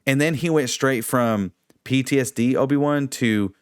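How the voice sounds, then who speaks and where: A man co-hosting a casual review chat, animated and mocking, slipping into impressions. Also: mid-range voice, moderate pace, smooth, no room sound, studio quality. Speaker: podcast co-host.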